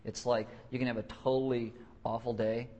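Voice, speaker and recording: A young man preaching a casual, joking sermon who restarts his sentences and keeps acting out quick voices to make his point. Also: medium pitch, flat delivery, warm tone, dull audio. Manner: joking, self-deprecating, acts out quick voices; halting restarts and repeated words. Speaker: pastor.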